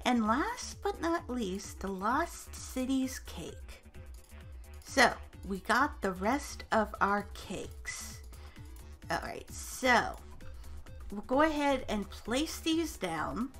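High-voiced chatty woman gamer. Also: big pitch swings, drawn-out words, a bit bright. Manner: upbeat, chatty, narrating each step aloud. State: hiccups. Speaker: gaming channel host. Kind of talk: casual let's-play commentary. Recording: faint music behind.

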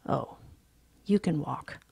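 A woman reading the lines of an impatient, bossy older boy in a low, curt voice. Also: slow, darkish tone, no echo, close to an everyday voice. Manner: curt and demanding.

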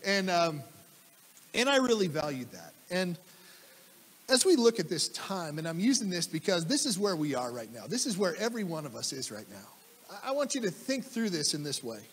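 A male pastor delivers a sermon in a high, lively voice that rises and falls widely. He stresses key phrases by repeating them and asks his listeners questions. His voice rings with the long reverb of a church hall. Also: normal speed, breathy edge. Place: church sanctuary.

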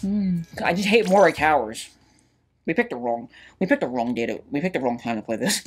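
A co-host chatting through a match, talking in halting bursts full of restarts and casual swearing. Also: mid-range voice, lively intonation, slightly rough, soft background music. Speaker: let's play co-host. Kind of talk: casual gaming commentary.

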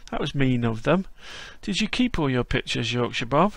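A man's voice: medium pitch, animated, moderate pace, creaky, few pauses, no room sound. A man narrating a casual walkthrough as host, chatty and whimsical.

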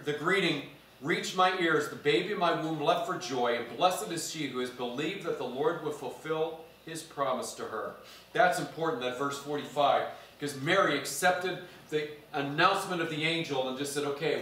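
Guy preaching in church, kinda high voice, stretches words for emphasis, mic far off, really echoey. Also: fairly bright tone. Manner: emphatic, drawn-out stresses on key words. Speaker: pastor. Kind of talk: sermon.

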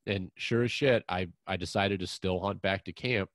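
A man's voice: low-pitched, moderate pace, no room sound. A man hosting an outdoors podcast, telling a long hunting story in a frank, rambling way with mild swearing. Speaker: podcast host. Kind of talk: casual chat, long personal anecdote.

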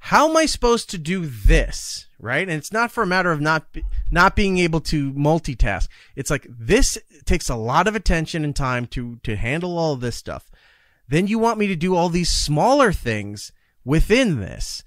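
A man guests on a podcast, his voice sitting a little high and leaping around with animated emphasis. He acts out exchanges with bosses, exasperated at being asked to do too much. The sound is close and dry. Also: normal speed, no echo. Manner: animated storytelling, acting out dialogue; emphatic, exasperated about work demands. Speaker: podcast guest, radio broadcaster. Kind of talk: casual podcast conversation.

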